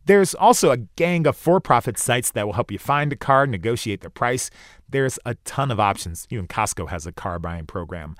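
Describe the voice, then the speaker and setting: A man's voice: mid-range voice, animated, normal speed, no echo, studio quality. Wry man in his forties reporting. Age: 40s. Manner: wry, self-deprecating. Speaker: radio reporter. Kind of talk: radio feature narration.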